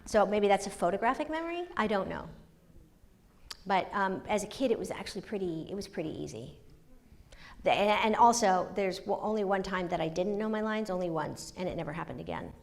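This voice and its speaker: A woman, telling lively stories as a guest in an onstage conversation. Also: medium pitch, brisk, gravelly. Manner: animated, laughing storyteller. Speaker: guest author. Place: university auditorium.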